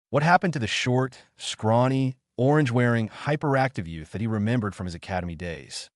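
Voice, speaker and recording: A man narrating a fan-fiction story in a steady storytelling manner. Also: fairly low pitch, no echo, studio quality.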